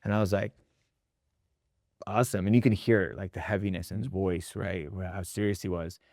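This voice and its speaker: A man talking casually in a podcast conversation, telling animated stories, acting out quotes and tagging his points with "right?", with some mild swearing. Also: low voice, a little fast, dry recording, clean studio sound. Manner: animated storyteller, acts out quotes, tags lines with "right?". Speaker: restaurant leadership founder and host.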